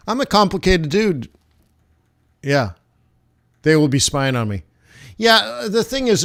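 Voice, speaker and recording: A man hosting a trading livestream, rambling casually and joking at his own expense as he chats with viewers. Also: medium pitch. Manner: rambling, self-mocking, chatty with viewers. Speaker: forex livestream host.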